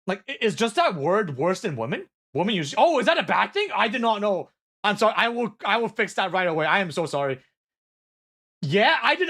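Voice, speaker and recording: An excitable young man streaming live, with a high-pitched, fairly quick voice, chats casually and reacts to viewer messages. Korean is his first language, and he swears, apologizes, laughs a lot, and keeps restarting his sentences.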